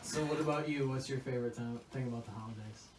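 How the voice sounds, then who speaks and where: A man's voice: medium pitch, fast talker, darkish tone, slight background noise. A man co-hosting a podcast in casual chat, tossing in wry one-liners. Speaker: podcast co-host. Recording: roomy echo, distant mic, music behind.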